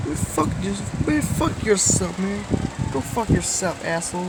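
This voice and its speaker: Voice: medium pitch, very animated, unhurried, very noisy. A vlogger talking in a casual, rambling way, swearing constantly and giggling between lines. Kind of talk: casual rambling vlog talk.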